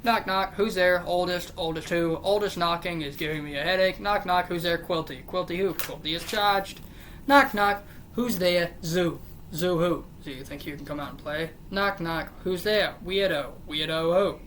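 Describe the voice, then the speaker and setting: Weary deadpan joke-book reader. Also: mid-range voice, normal speed, slight background noise. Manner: deadpan question-and-answer joke reading with weary, sarcastic asides. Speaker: channel host. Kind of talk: reading a joke book aloud, casual.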